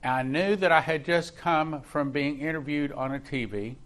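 A pastor, his voice a little high, a bit bright, and at a normal pace, tells a personal story while preaching. Emphatic and increasingly intense, he repeats words to drive his points home.

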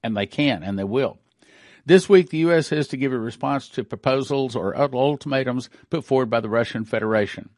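A man's voice: mid-range voice, a little fast, darkish tone, dry recording, clean studio sound. A middle-aged man giving emphatic news commentary with a prophetic bent, repeating and rereading his points.

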